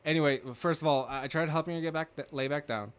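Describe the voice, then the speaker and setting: A man's voice: fairly high pitch, quick pace, clear, resonant tone. A man hosting a podcast, telling a rambling story in casual chat, swearing freely and acting out what people said. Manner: rambling, swears freely, acts out quoted dialogue. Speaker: podcast host.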